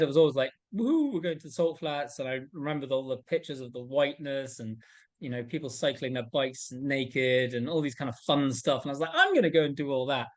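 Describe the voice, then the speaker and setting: A man being interviewed, telling his adventure stories in a casual, animated way and acting out the voices of people he met. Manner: animated, acts out quoted voices with big pitch jumps. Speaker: interview guest, endurance adventurer.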